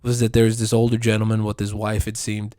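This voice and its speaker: A man's voice: fairly low pitch, monotone, brisk, warm tone, dry recording, studio quality. A man hosting a podcast, telling stories in a casual, profane, rambling monologue with frequent laughter. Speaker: podcast host.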